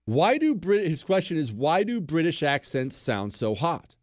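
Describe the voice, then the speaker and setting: Bantering man, lively swooping pitch. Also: unhurried, no room sound, studio quality. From United States. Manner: bantering, mock-boastful, with swoops up and down. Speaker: radio talk show host. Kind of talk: casual call-in advice chat.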